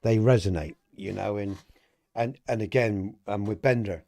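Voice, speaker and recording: A man's voice: lowish voice, normal speed, warm tone. A middle-aged man hosting a casual livestream podcast, rambling and chatty, laughing often and talking to viewers in the chat. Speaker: podcast host.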